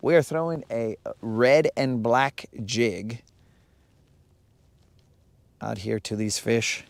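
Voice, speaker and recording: A man talking in an unhurried, drawn-out way, every word taking its time, while he hosts a fishing livestream from a boat out on a lake. His sound is close and dry with no room around it. He rambles, cracks jokes and answers his chat in relaxed, off-the-cuff talk. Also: medium pitch, creaky, no echo. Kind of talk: casual live-stream chat.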